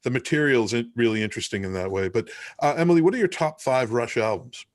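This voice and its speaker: A man's voice: medium pitch, expressive, quick pace, no room sound, clean studio sound. A man hosting a podcast, casually interviewing guests and hesitating often with ums and uhs. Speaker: podcast host. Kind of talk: casual chat.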